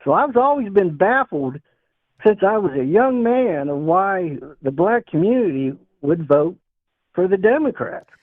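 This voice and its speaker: A man's voice: high voice, very animated, a little slow, no room sound. A man from Northeast Ohio calling in to a political talk show, rambling and laughing as he tells his story. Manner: rambling, laughing, repeats himself. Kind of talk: casual call-in debate. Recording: tinny phone line.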